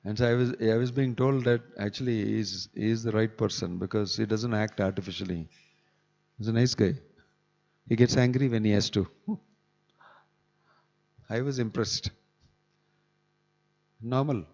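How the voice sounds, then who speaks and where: Speaking in a fairly low, darkish voice with vocal fry, a man gives a conversational scripture class in a temple hall, adding chuckling asides. His intonation stays fairly even at a normal speed, broken by long pauses. The echoey hall recording sounds dull.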